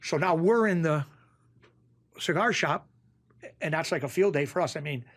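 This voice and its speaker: A middle-aged man with a Western Massachusetts accent, speaking in a fairly high voice. He tells stories in a casual interview and acts out the people in them by raising his voice. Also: moderate pace. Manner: animated, acts out quoted voices in a raised pitch. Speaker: interview guest, former bookmaker.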